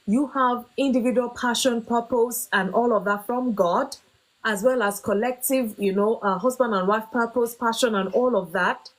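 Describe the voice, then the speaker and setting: A woman's voice: a little high, steady tone, moderate pace, rough recording. A woman hosting a faith-based talk on marriage, speaking earnestly with emphatic, preaching emphasis. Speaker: host.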